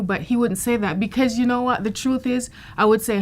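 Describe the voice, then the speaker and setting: A woman's voice: fairly high pitch, steady tone, brisk. A woman patient speaking frankly and reflectively about her experience. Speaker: patient giving a testimonial. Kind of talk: candid testimonial interview.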